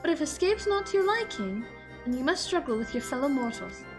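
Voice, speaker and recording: A small, haughty fairy ruler speaks in a high, lofty voice, playful and imperious, as a woman puts her on. Her lines come out grand and teasing, slightly lifted in volume. Faint game music plays underneath. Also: big pitch swings, brisk. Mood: solemn.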